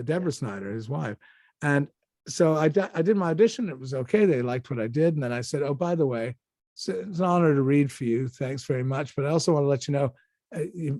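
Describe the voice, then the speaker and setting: A man's voice: a little high, no echo. Give me a man telling stories in a dry, close recording. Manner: animated anecdotes with many restarts and acted-out quotes. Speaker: actor guest. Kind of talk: casual interview storytelling.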